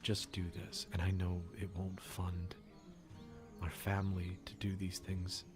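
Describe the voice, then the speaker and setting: A man's voice: low-pitched, completely flat delivery, unhurried, music in the background. A man playing a pleading, worried farm wife. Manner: pleading, tearful whispering. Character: worried, loving young farmer's wife.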